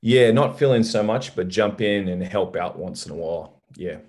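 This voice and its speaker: An easygoing man with a Texan accent chats as a podcast guest. His voice sits low and relaxed. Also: normal speed. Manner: easygoing, laughs readily. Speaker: guest, part-time pastor. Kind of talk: casual chat.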